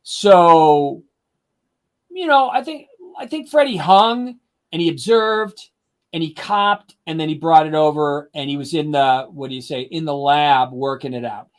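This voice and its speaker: An older man, a drum educator, telling casual stories in an animated way and acting out what his friends said. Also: a little high, measured pace. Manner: animated anecdotes, quotes friends in lively voices. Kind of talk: casual storytelling.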